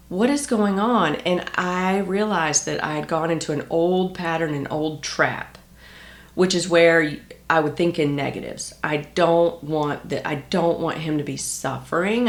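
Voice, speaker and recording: A woman coaching on manifestation, talking to viewers in an earnest, confiding way and sometimes dropping to a soft near-whisper. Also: low-pitched, gravelly. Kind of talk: reflective personal talk to viewers. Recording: echoey room.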